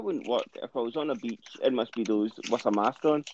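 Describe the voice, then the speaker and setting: A man's voice: medium pitch, brisk, lo-fi sound, a little hiss or hum. A Scottish man co-hosting a casual podcast, chatting and joking. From Scotland. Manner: jokey, chatty, lively. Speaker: podcast co-host.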